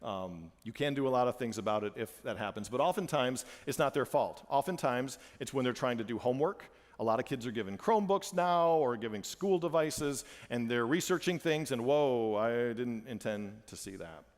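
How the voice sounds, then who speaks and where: A man and father giving an animated church presentation to parents, repeating phrases for emphasis, in a church hall. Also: medium pitch, moderate pace, few pauses.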